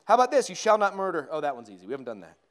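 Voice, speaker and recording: A man's voice: a little high, very animated, racing. A male pastor from giving a conversational sermon in a church, with humorous asides to the congregation. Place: church sanctuary.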